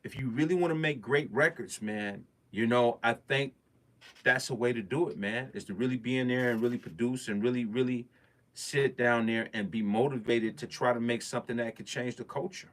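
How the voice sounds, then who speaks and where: A man's voice: medium pitch, normal speed, fairly bright tone. A man, a music producer, speaking in a casual monologue, emphatic and preachy with street slang. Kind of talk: casual talking-head monologue.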